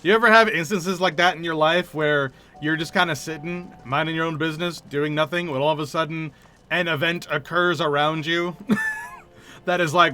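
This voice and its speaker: A man's voice: a little high, fairly even intonation, moderate pace, sharp tone, a little hiss or hum. A man streaming a role-playing game, chatting casually and laughing at himself. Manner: chatty, laughing, self-mocking.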